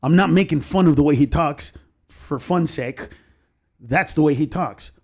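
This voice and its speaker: A man's voice: on the high side, moderate pace. A male comedian talking as a guest in a casual podcast interview, telling stories animatedly and swearing freely. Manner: animated storyteller, acts out other people's voices.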